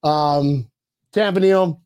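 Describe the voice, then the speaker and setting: A man hosting a casual sports podcast stream, loud and crude, laughing often as he jokes with his co-host. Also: on the high side, very slow, smooth, no room sound, studio quality. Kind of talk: casual banter livestream.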